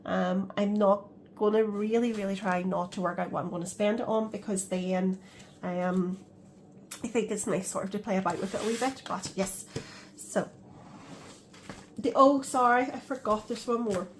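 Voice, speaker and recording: A woman's voice: mid-range voice, steady tone, moderate pace, a little hiss or hum. A woman chatting casually in a budgeting vlog, counting cash aloud and laughing at herself. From Scotland. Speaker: budgeting vlogger.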